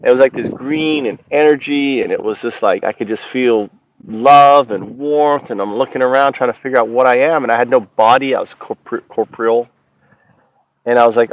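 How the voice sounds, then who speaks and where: A man recounting his experience in a halting, rambling monologue, often stopping to search for words. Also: mid-range voice. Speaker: channel host. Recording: dull lo-fi recording.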